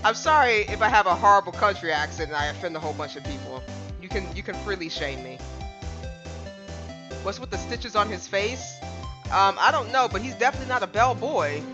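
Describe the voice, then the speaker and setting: A woman's voice: medium pitch, animated, brisk. A woman casually commenting on a game she is playing, joking, rambling and poking fun at herself. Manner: joking, rambling, self-deprecating. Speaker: gaming YouTuber. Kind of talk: casual let's-play commentary. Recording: dull audio with game music.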